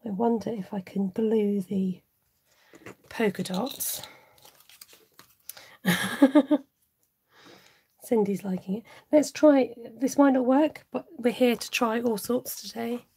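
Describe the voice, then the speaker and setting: On her card-making livestream, this woman keeps things casual, reading out comments from viewers and frequently muttering to herself. She speaks slowly with frequent pauses, in a fairly high, mellow, husky voice.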